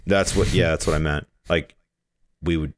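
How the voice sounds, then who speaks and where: A man's voice: a bass voice, fairly even intonation, normal speed. A man co-hosting a podcast in casual chat, talking hesitantly with lots of fillers. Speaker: podcast co-host.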